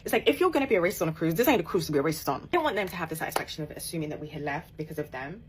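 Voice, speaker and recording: A woman telling a personal story in a casual, animated way, emphatic and laughing as she goes. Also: low voice, very fast, husky. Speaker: author and podcaster.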